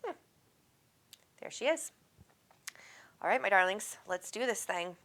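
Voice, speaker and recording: A woman's voice: medium pitch, animated, measured pace, a bit bright. A woman hosting a live call-in show, chatting casually in a bubbly, affectionate way and laughing often. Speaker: psychic medium show host. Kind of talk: casual live-stream chat.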